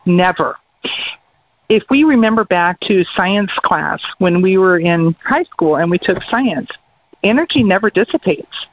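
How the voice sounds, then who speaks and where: A woman's voice: on the low side, expressive, a little slow. A woman guest on a radio talk show, explaining her ideas in an earnest, casual way. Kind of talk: casual chat. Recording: dry, muffled radio audio.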